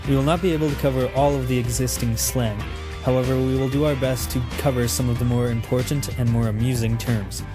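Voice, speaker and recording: A man's voice: medium pitch, fairly even intonation, brisk. Dry mock-instructional male narrator. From Canada. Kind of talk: scripted comedic narration. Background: background music.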